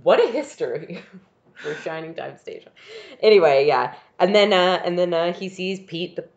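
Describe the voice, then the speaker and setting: A podcast co-host chatting casually through an episode recap, animated and quick to laugh, humming music cues. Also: medium pitch, gravelly, lo-fi sound.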